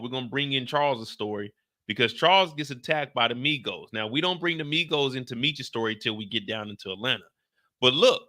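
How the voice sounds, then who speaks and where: A man hosting a live stream, recapping a TV episode in casual chat, animated and slangy and talking straight to his viewers. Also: medium pitch, no echo, clean studio sound. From United States. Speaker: show host recapping a TV episode.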